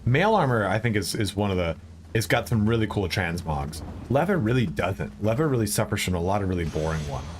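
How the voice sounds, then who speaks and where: A man's voice: on the low side, sing-song, fairly quick, a little hiss or hum. A man streaming a video game, chatting casually with viewers in a rambling way, swearing and exclaiming at what happens on screen. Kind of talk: casual live-stream chat while gaming.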